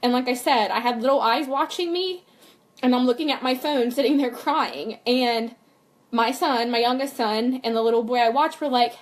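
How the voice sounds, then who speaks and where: A woman's voice: a little high, normal speed. A young woman and mother talking candidly in a personal vlog, earnest and rambling, full of fillers and "like". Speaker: vlogger and mother.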